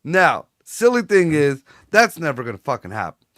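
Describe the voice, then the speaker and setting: Bright-voiced, swearing male podcast co-host. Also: a little high, normal speed, no echo, clean studio sound. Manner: swearing, laughing, gets loud when excited. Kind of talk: casual profane chat.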